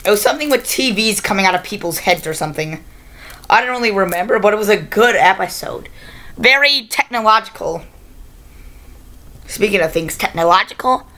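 Bright-voiced woman rambling through a review. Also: fairly low pitch, normal speed. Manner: rambling, unscripted, self-correcting. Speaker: video reviewer. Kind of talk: casual improvised video review.

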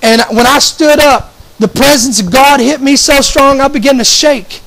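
A man preaches a fervent testimony, and his voice sits very high for a man. He talks with raw emotion and circles back over his words, restarting phrases as the feeling builds. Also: normal speed, gravelly, fairly bright tone, rough recording. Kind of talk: testimony sermon.

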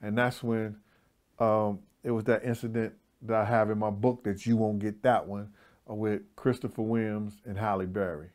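A man's voice: lowish voice, level tone, normal speed, darkish tone. A middle-aged man telling a story as an interview guest, blunt and profane, with a meandering, casual delivery.

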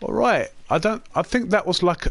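Chatty guy doing gameplay commentary, slightly high voice, gets excited. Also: normal speed, vocal fry. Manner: excitable, exclaims at kills, chatty with viewers. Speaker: gaming channel host.

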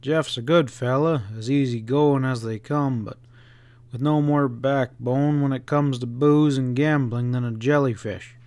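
A man voicing a tall, proud young male railroad engineer in an audiobook, terse and quick to bristle. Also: medium pitch, fairly even intonation, darkish tone, dry recording, natural voice. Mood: explaining. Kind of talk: audiobook character reading.

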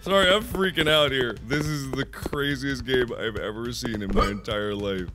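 A young man in his twenties giving excitable let's-play commentary, swearing and bursting into laughter. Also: on the high side, normal speed. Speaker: gaming video host. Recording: game music behind.

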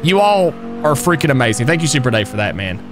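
An energetic man streams a police roleplay, speaking quickly with a lively, swooping pitch. He is slangy and fired up as he thanks his chat between calls. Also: over music. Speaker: streamer playing a police officer.

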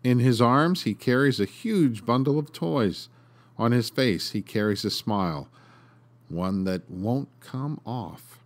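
A man hosting a podcast and reading a story aloud in an expressive, dramatic way. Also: mid-range voice, slow. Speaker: podcast host and narrator. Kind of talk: storytelling narration.

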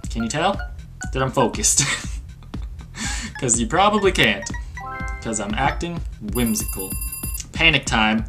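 A man doing let's play game commentary, reading instructions aloud with sarcastic asides and breaking into panicky yelps and rapid exclamations. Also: medium pitch, lively intonation. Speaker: gaming channel host. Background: game music.

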